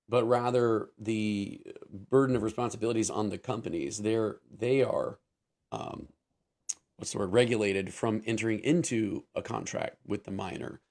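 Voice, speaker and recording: A man's voice: fairly low pitch, creaky, a little mellow. A man co-hosts a casual talk show and laughs easily. He makes sarcastic asides, then lays out the details one step at a time. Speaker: co-host.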